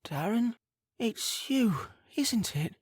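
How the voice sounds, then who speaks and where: A man putting on a high, breathless mother. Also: lively intonation, slow, husky, dry recording, studio quality, full character voice. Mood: tender. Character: frail, tender older mother, just healed.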